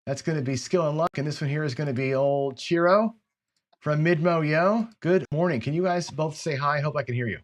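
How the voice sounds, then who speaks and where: A man hosting a casual online interview, chatty and quick to laugh, often repeating his words. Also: on the high side. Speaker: show host. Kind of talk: casual video call interview.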